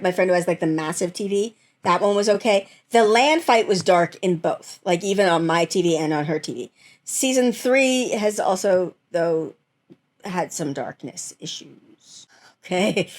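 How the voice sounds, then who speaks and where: A woman hosting a casual reaction chat about fan memes, talking animatedly and often breaking into laughter. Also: medium pitch. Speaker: host reviewing fan memes.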